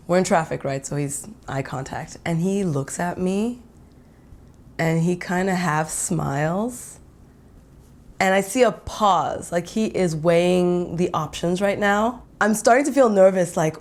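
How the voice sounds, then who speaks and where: A young woman hosting a podcast, telling a first-person story in an animated, giggly way and laughing often. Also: lowish voice, moderate pace. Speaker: podcast host.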